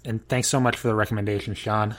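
A man guest on a podcast, making quick, dry remarks in casual chat. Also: on the low side, level tone, a bit bright.

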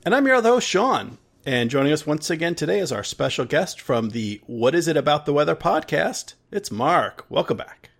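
A man's voice: a little high, very animated, normal speed, creaky, hardly any pauses, faint music behind. A man co-hosting a podcast in casual chat, rambling with restarts and frequent laughter. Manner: rambling, many restarts and fillers, laughs often. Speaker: podcast co-host.

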